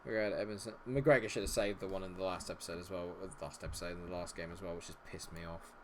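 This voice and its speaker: A man commentating live over a football management game, sarcastic and fed up, swearing as things go wrong. His voice sits fairly low. Faint noise hums behind him. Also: fairly even intonation, quick pace. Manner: frustrated, swearing, sarcastic outbursts. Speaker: gaming streamer.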